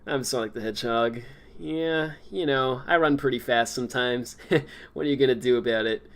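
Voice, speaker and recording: A man's voice: medium pitch, normal speed, lightly acted. A man doing a lazy grown-up cartoon hedgehog. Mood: smug. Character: lazy deep-voiced grown-up male hedgehog.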